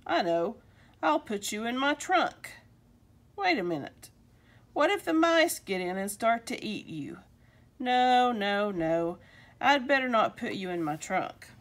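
A woman's voice: on the high side, big pitch swings, a little slow. A woman voicing a grumbling old man who frets and argues with his hat. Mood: fretting. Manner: talks to himself, fretful back-and-forth.

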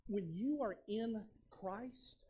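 A man pastor preaching a sermon, moving between loud exhortation and quiet casual asides, repeating words and calling the congregation to respond. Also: sits high, slow pace, breathy edge. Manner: uses casual everyday speech.

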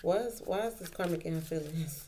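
A woman with a deep voice gives a casual tarot reading, speaking fairly quickly and colloquially and repeating her points for emphasis. There's noise in the background.

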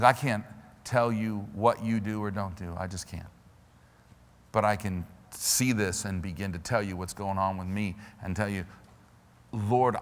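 A man preaching a sermon, building from quiet earnest pleading to loud fervent declarations. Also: medium pitch, big-room sound.

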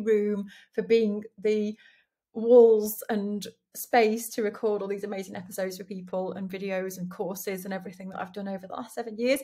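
A woman's voice: mid-range voice, darkish tone. A woman hosting her own podcast from her dining room, talking candidly in a reflective solo monologue, often restarting sentences and laughing at herself. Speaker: podcast host.

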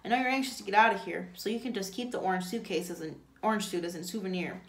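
A brisk, authoritative attorney general speaks in an official tone, as a woman reading a story puts him on. Her mid-range voice carries a roomy echo. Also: mid-range voice, natural voice.

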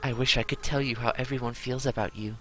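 Guy reading as a sorry little goat monster kid, soft and earnest, bright voice. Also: medium pitch, steady tone, quick pace, close to an everyday voice, poor audio. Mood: tender. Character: remorseful young goat monster boy. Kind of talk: reading game dialogue aloud.

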